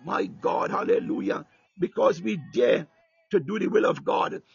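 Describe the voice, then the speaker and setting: A man's voice: sits high, wildly swooping pitch, measured pace, vocal fry, husky, no room sound, lo-fi sound. A man preaching a sermon with fervor, repeating "my God" and "hallelujah" between phrases and breaking into tongues.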